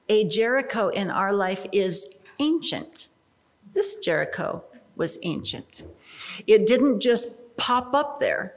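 A woman teaching a Bible study. She speaks in an expressive, emphatic way, with rising exclamations and casual asides to her listeners. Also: mid-range voice.

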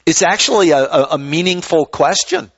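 A male pastor delivers a sermon in a loose, conversational style, often repeating words as he starts a thought. His voice sits fairly high for a man. The recording sounds dull and lo-fi. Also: lively intonation, moderate pace, husky.

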